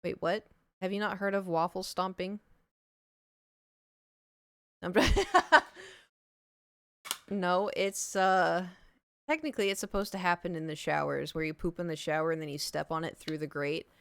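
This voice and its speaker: A young woman streamer telling a story to her live chat in a rambling, chatty way, full of "like" and quick laughs. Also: fairly low pitch, vocal fry, smooth, no echo, clean studio sound. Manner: chatty, rambling, heavy use of "like", laughs easily.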